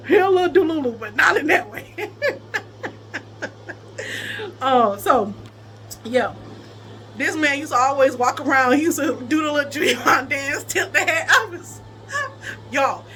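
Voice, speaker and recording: A young adult woman in casual storytelling chat, animated, often laughing and breaking into high squeals. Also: a little hiss or hum. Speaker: vlogger telling a personal story.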